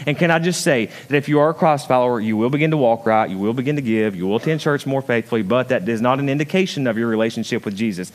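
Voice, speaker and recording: A male pastor preaching a sermon, emphatic, swinging between loud high peaks and quiet low asides and putting questions straight to the congregation. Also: expressive, fast talker, hardly any pauses. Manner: emphatic preaching with big swings in pitch and loudness; calls out and questions the congregation directly.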